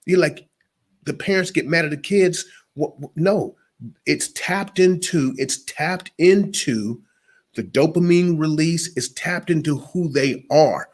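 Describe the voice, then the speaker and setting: An unhurried man with a fairly high pitch works as a motivational speaker. During an interview he is preachy and emphatic, speaking right to the listeners.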